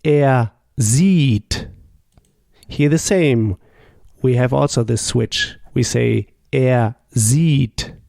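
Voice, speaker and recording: A man with a gravelly, mid-range, darkish voice teaches a language lesson, slowly and patiently asking questions and modelling each answer, with pauses for the listener. The recording is dry with clean studio sound.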